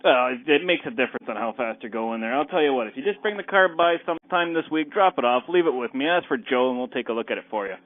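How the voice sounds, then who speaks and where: A man's voice: medium pitch, lively intonation, lightly acted. A man playing a brusque garage owner. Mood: curt. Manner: brusque, dismissive, rushed. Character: careless rude male mechanic, middle-aged. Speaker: rude garage owner on the phone. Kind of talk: scripted phone call skit. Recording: tinny phone line.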